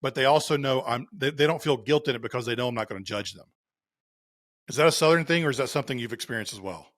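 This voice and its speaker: A man co-hosting a casual podcast, speaking in an earnest, measured way and asking questions. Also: mid-range voice, a bit bright, no echo, clean studio sound. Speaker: podcast co-host.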